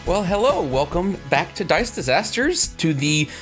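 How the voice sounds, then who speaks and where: A woman's voice: on the low side, sing-song, normal speed, soft background music. A woman co-hosting a tabletop gaming podcast, chatting in an upbeat, bubbly way. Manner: upbeat and bubbly, laughs often. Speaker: podcast co-host. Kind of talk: casual chat.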